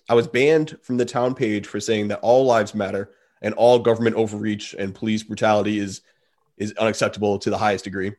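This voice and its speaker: A podcast host with a lowish, slightly mellow voice tells stories during a casual interview. He rambles loosely and fills his speech with lots of fillers.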